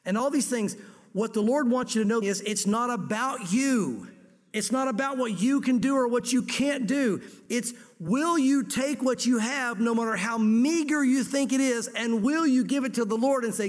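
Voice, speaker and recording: Male pastor, high voice, lively storyteller, sermon recorded in a church hall with long reverb. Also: normal speed. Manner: lively storytelling, dramatizing scripture dialogue.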